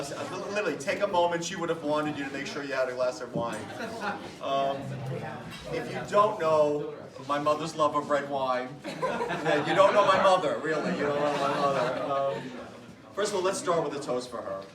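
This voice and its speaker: A middle-aged man with a fairly high voice, son of the departed, gives a toast at a memorial gathering. Chatty and self-mocking, he laughs through funny stories and sometimes falters with emotion. The room is echoey, he stands away from the mic, and there's background noise.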